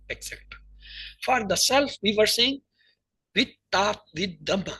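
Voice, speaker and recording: Husky-voiced male grammar teacher. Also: sits high, expressive, pushed and bright, low-quality recording. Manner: explains slowly, repeats verb forms in lists. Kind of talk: online class lecture.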